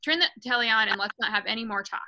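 A woman's voice: on the high side, fast, bright, forceful tone, slight background noise, low-quality recording. A woman reading a children's novel aloud to a book club, casual and unpolished, stumbling and correcting herself now and then, lifting her voice for the characters' lines. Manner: raises her voice for quoted lines.

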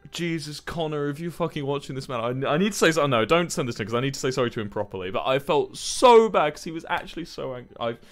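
A young man with a medium-pitched voice chats casually with his stream viewers. He tells stories in a rambling, animated way and swears plenty.

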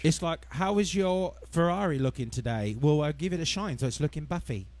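A man's voice: on the high side, lively intonation, brisk, a little mellow, no echo. A man, a musician guest on a livestream, chatting casually with dry jokes. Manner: joking, dry, dad-joke humor.

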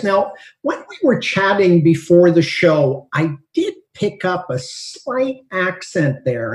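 A man's voice: high voice, a little mellow. A man co-hosting a podcast, upbeat and dryly joking. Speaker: podcast co-host. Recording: echoey room.

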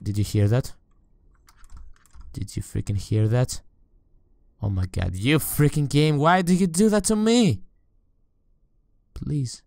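A man's voice: medium pitch, expressive, takes it slowly, vocal fry, pauses often, darkish tone, no echo. A man playing a horror game on camera, talking to the game and his viewers, often shrieking and swearing when scared. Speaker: let's play gamer.

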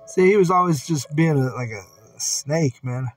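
A man's voice: a little high, moderate pace, background noise. A man reading scripture aloud and commenting on it in a casual, blunt way, often swearing. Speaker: Bible teacher. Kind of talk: casual Bible study commentary. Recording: distant mic with singing bowl music.

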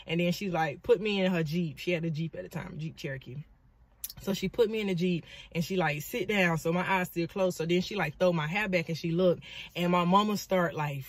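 A woman, from Florida, telling a personal story in a dramatic, animated vlog with frequent asides. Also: fairly low pitch, dry recording. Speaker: vlogger and motivational speaker.

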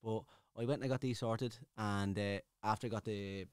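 A man's voice: on the low side, steady tone, normal speed, a little mellow, clean tone, dry recording. An Irish man in his thirties, a guest in casual podcast chat, jokey and swearing, in a studio. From Ireland. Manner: jokey, swearing, laughs often.

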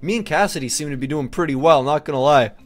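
A young man hosting a gaming video, giving playful, excited commentary with a pleading tone. His voice jumps high whenever he gets worked up. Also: quick pace, faint music behind.

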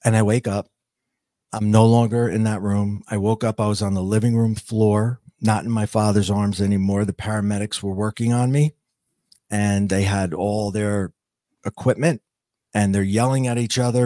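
A man shares his near-death experience on a podcast, speaking earnestly and thoughtfully while breaking off and starting over to find the right words. His fairly low, mellow voice keeps a moderate pace, recorded cleanly in a studio without echo.

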